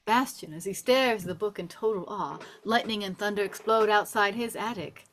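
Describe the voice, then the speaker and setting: A woman reading the stage directions in a table read, with steady, descriptive narration. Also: medium pitch, moderate pace, a little hiss or hum.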